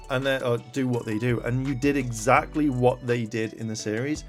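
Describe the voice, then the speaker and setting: A man's voice: mid-range voice, fairly quick, few pauses, faint music behind. A man giving a profane, irritated commentary rant and reading articles aloud with lots of fillers. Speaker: commentary vlogger. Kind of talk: ranting commentary.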